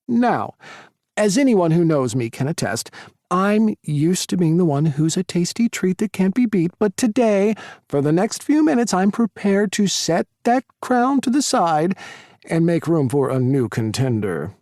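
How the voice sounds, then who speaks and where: A man doing a flamboyant, sassy young showman in an audiobook, his voice pushed well up high and bright. He announces like a stage host, playful and teasing, over a dry close sound with a gravelly edge. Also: animated, measured pace, no room sound. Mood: showy.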